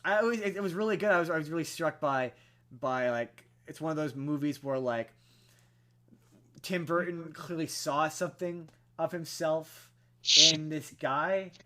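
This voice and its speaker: A man's voice: on the high side, normal speed, slight background noise. Rambling, filler-heavy podcast guy. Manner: rambling with many fillers and restarts, animated when excited. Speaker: podcast co-host. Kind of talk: casual chat.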